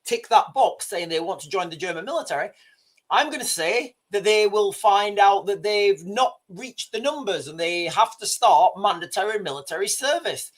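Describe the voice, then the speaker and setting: A man's voice: high-pitched, animated, normal speed, a bit bright. A man hosting a livestream, rambling and often restarting while talking straight to his viewers. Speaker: livestream host. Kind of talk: livestream commentary.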